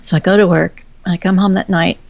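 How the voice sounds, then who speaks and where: A woman's voice: fairly low pitch, fairly even intonation, fairly quick, vocal fry, no room sound, lo-fi sound. A woman guest telling a personal story in a frank, chatty way, swearing casually. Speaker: podcast guest.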